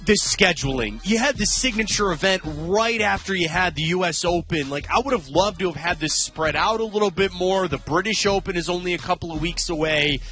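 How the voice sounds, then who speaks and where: A man's voice: high voice, brisk, few pauses, sharp tone, soft background music. A man co-hosting a sports radio show in casual talk, emphatic and repeating points for stress.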